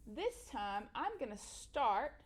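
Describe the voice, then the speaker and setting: A woman's voice: a little high, very animated, slow pace. A woman music teacher giving a recorded lesson for children, upbeat and encouraging, counting beats and chanting rhythms aloud.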